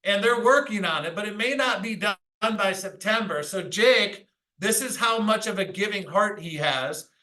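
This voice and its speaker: A man leading a sales training call, pumping up his team with energetic, pushy motivational talk, mild swearing and stories, often checking in with "all right?". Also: high voice, normal speed, rough recording. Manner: mild swearing, tells anecdotes.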